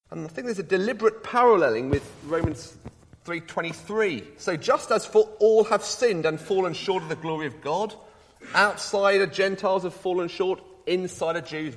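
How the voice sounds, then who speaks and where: A middle-aged man preaching a sermon, earnest and lively, mixing personal stories with rising emphasis. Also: fairly high pitch. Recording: long hall reverb.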